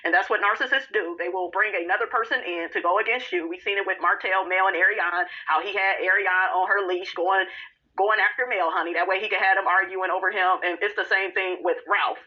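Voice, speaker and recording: A woman's voice: medium pitch, fairly even intonation, fairly quick, muffled recording. A woman hosting a podcast, giving sassy, blunt and profane commentary and calling her listeners honey and y'all. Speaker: podcast host recapping a reality show. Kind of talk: casual commentary.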